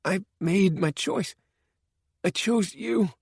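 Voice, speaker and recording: A man's voice: high-pitched, a little slow, a little mellow, no room sound, studio quality, voice pushed up. A man voicing a dying, desperate official who pleads in a raised, strained voice. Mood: pleading. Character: doomed middle-aged male official, pleading.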